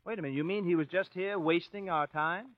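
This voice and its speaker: A man's voice: high-pitched, quick pace, phone-quality sound. Brash man hosting old radio comedy. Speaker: comedy show host. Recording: old radio broadcast, hiss.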